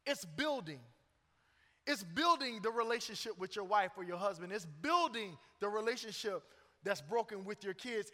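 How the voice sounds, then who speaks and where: A man's voice: high-pitched, bright, forceful tone. A middle-aged man preaching a sermon as pastor, joking and conversational between emphatic points. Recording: long church reverb.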